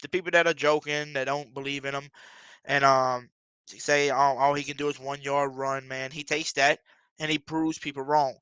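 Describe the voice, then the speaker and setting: A young man hosting his own football fan video, talking to viewers in a casual, excited way. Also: medium pitch, moderate pace, clean tone, no echo, poor audio. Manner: excited, addresses viewers directly. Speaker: sports fan video host.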